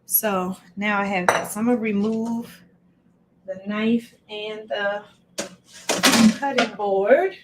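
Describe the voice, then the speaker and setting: A woman's voice: mid-range voice, fairly even intonation, slow pace, pauses often, very noisy. A woman hosting a casual live cooking stream from her home kitchen, chatting to viewers by name while she chops. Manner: chatty, greets viewers by name mid-task. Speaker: livestream cooking host.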